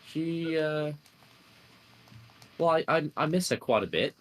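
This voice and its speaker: In a tabletop roleplay, a man puts on an Australian accent to tell his character's backstory, rambling, full of fillers and "mate." His voice is fairly high, expressive and fairly bright, and he takes it slowly.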